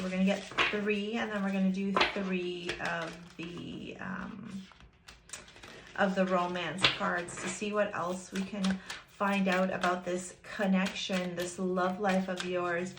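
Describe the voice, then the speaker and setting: The recording is very noisy as a woman with a medium-pitched voice gives a casual tarot reading. She's chatty, playful and teasing, speaking directly to the viewer and giggling often.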